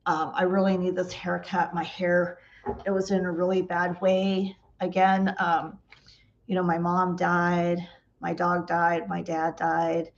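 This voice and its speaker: A woman's voice: fairly low pitch, completely flat delivery, measured pace, lo-fi sound, a little hiss or hum. A woman vlogger telling funny stories in a chatty way, laughing often and acting out the dialogue. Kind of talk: casual storytelling.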